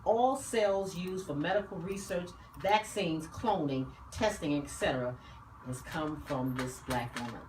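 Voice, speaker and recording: A woman hosting a talk radio show, speaking in a passionate, preaching way and talking fast. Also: low-pitched. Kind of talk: casual talk radio discussion. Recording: roomy studio, mic at a distance, faint noise.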